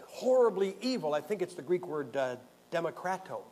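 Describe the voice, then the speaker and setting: A male pastor leads a Bible class in a combative, sarcastic way, firing questions at his listeners. His voice sits fairly high for a man. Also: sing-song, normal speed, noisy background. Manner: combative, sarcastic, quizzes the audience.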